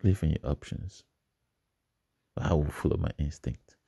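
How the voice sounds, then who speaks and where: Low gravelly guy doing a motivational talk, keeps hammering the same lines, dry close sound. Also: a little slow, dark tone, no room sound. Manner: emphatic, repeats phrases for effect. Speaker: motivational speaker. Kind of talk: motivational speech.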